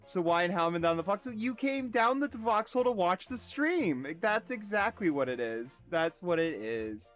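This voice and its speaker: A male game streamer talks casually to his chat, swearing freely and mocking himself. His pitch is a touch high and bounces around a lot. Game music plays faintly behind him. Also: very animated, a bit bright. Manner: profane, self-mocking, quick asides to chat.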